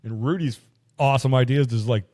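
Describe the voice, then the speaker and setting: A man hosting a podcast, casually retelling a movie as an animated, profane storyteller. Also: mid-range voice, quick pace. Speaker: podcast host.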